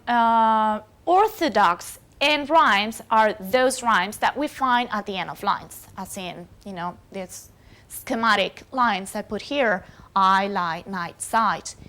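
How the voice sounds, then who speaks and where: A woman's voice: fairly high pitch, animated, slow, a bit bright. A woman whose first language is Spanish, giving a recorded university lecture with many fillers and self-corrections.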